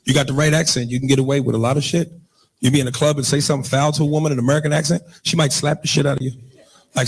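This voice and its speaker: A man doing stand-up comedy, crude and animated, mimicking accents for laughs. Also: mid-range voice, racing, far from the mic, background noise.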